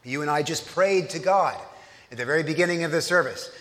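A man's voice: on the high side, a little fast, a bit bright, big-room sound. A man preaching a sermon at a church service, telling the story in a conversational way and putting questions to his listeners.

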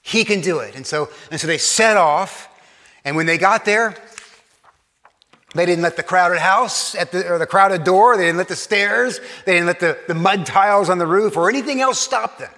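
Earnest preacher guy, bit high voice, keeps restarting lines, long echo in the hall. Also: moderate pace. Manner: earnest, repeats and restarts phrases, drops soft for emphasis. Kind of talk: sermon.

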